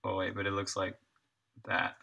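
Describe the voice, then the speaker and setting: A man's voice: low voice, monotone, normal speed, creaky, sharp tone. A man, an indie game developer, chatting casually on a live stream while he works, thinking aloud, answering chat and chuckling often.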